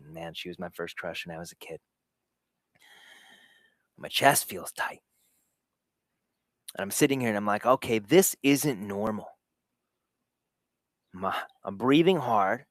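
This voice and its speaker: A man's voice: fairly low pitch, animated, measured pace, long pauses, no room sound, clean studio sound. A man hosting a live show, telling a personal story candidly and in vivid detail, with frequent laughter. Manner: candid, self-deprecating, laughs often; recounts sensations in vivid detail. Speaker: host of a live show for dads. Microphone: camera setup in a home recording space.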